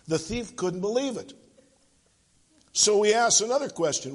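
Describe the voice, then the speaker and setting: A man's voice: on the high side, very animated, moderate pace, slightly rough, in a large hall. A man preaching a sermon in a church, telling funny stories and acting out the voices in them. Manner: jokey storyteller, acting out voices in the tales. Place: church sanctuary.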